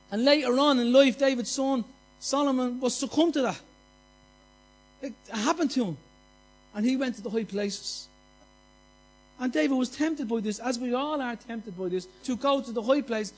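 A man's voice: very high-pitched, normal speed, pauses often, faint music behind. A man preaching a passionate, conversational sermon full of repetition and anecdotes.

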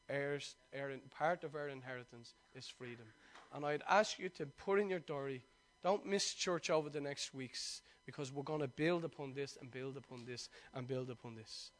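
A man, a pastor preaching a sermon and telling personal stories in a lively, chatty way. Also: mid-range voice. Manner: lively storytelling, chatty and conversational.

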